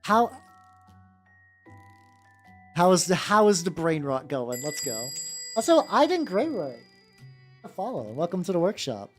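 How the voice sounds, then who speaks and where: A woman's voice: lowish voice, very animated, a little slow, pauses often, soft background music. A woman chatting casually on a miniature painting stream, rambling with many restarts and some swearing. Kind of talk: casual livestream chat.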